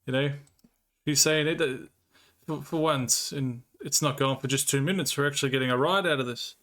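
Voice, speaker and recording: Bright-voiced man telling crude stories. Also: medium pitch, moderate pace. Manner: crude, laughing storytelling. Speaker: livestreamer. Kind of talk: casual livestream chat, reading chat.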